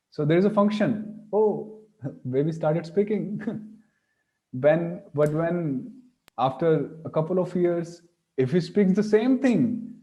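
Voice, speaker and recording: Slow, mellow-voiced man teaching pronunciation. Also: a little high, highs cut off. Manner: slowly demonstrates sounds, repeating syllables. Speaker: Sanskrit teacher. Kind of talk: online pronunciation lesson.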